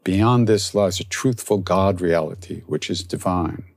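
A man, a spiritual teacher, telling a story and then reflecting softly on spiritual practice. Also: sits low, unhurried, creaky, dry recording. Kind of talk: storytelling talk.

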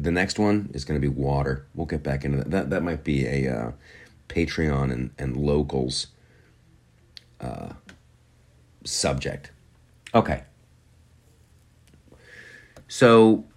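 Male political talk host, low voice that swings widely, scornful and foul-mouthed. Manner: sarcastic, profane, mocks opponents in put-on voices. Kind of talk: casual profane political commentary.

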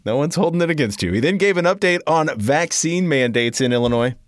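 A man's voice: a little high, animated, fairly quick. A man in his thirties co-hosting a podcast, tossing in dry, brief wisecracks and segue lines. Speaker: podcast co-host. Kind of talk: casual political commentary.

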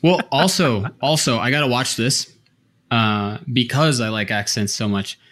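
A man's voice: medium pitch, measured pace, a bit bright. A man co-hosting a podcast, explaining things at length in casual conversation with frequent restarts. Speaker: podcast co-host. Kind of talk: casual chat.

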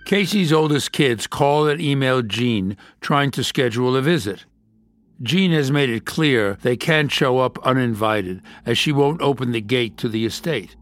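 A man reading scripted documentary narration in a measured, matter-of-fact way. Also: mid-range voice, animated, fairly bright tone, no room sound. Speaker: podcast narrator.

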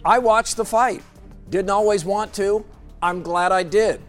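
A man's voice: high voice, fairly even intonation, measured pace, faint music behind. A man co-hosting a sports talk show, delivering a wry, punchy scripted commentary.

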